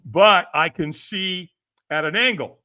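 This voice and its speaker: A podcast guest who trains people in firewalking tells a story with lots of energy and casual speech, mimicking other people's voices and laughing often. His voice is high and slow, with faint music in the background.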